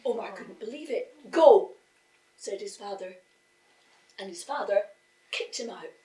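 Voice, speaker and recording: A woman telling a folk tale to a live audience, slow and expressive, voicing the characters as she goes. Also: mid-range voice. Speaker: storyteller. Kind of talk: live oral storytelling. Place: live storytelling event. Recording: echoey room, voice from far off.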